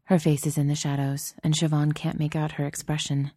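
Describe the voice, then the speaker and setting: A woman reads a story aloud in a steady, measured voice that is low and dark. The recording is dry and close, with no room around it. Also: dry recording. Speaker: audiobook narrator. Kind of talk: scripted story narration.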